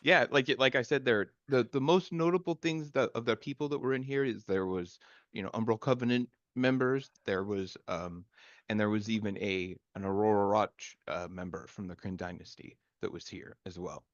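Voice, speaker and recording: A man's voice: on the low side, normal speed, dry recording, lo-fi sound. A man narrating as game master in a loose, conversational way, restarting his sentences often.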